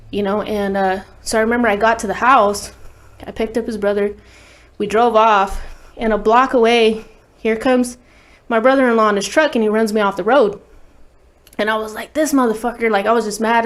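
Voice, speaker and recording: A woman guest on an interview show, telling a personal story candidly and bluntly, swearing freely and saying "like" often. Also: medium pitch. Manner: blunt, profane, heavy use of "like". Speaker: guest recording artist.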